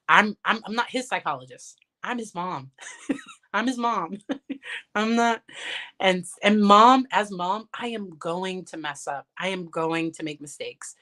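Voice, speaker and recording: A woman's voice: lowish voice, sharp tone. A woman psychologist chats candidly with her viewers over a phone livestream. She laughs often and restarts her sentences as she goes. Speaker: licensed psychologist and parent. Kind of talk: casual livestream Q&A.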